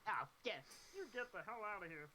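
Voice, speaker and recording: A man's voice: sits high, expressive, sharp tone, a little hiss or hum, rough recording. Giggly man hosting an art livestream. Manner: giggly, playful, quick to laugh. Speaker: artist and livestream host. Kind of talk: casual joking chat.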